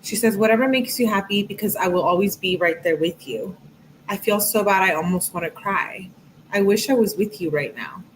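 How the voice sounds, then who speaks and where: A woman's voice: medium pitch, moderate pace, a little hiss or hum, rough recording. A woman reading text messages aloud and giving chatty, reflective commentary on a true crime case, with lots of "like" and "um". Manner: chatty, reflective, many fillers like "like" and "um".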